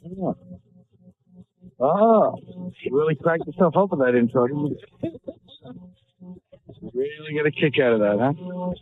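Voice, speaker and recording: A man's voice: on the high side, animated, measured pace, pauses often. A man appearing as a podcast guest, ranting in a mock-angry, profane way through crude comedic banter. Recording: tinny phone-like audio.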